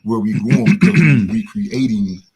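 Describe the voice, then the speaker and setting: A man speaking as a guest in a studio discussion, calm, measured and sincere. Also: fairly low pitch.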